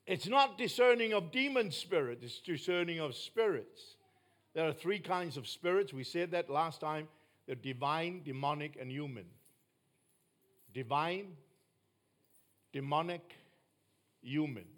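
High-voiced emphatic New preacher. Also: male voice, lively intonation, a little slow, pauses often. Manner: emphatic, rising to loud bursts then dropping low. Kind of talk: sermon.

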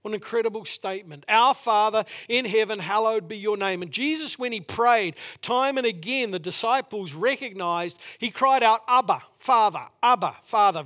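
A man preaching a sermon, building his points through repeated phrases and moving between loud declarations and hushed, almost whispered lines. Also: high voice. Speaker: pastor.

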